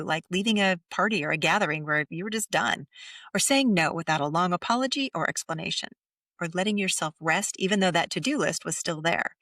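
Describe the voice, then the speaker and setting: A middle-aged woman hosting a podcast, speaking softly and slowly as she leads a gentle guided reflection, sometimes near a whisper. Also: fairly low pitch, no echo, clean studio sound, distant mic. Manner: soft, slow and soothing, drops to near whispers. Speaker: podcast host.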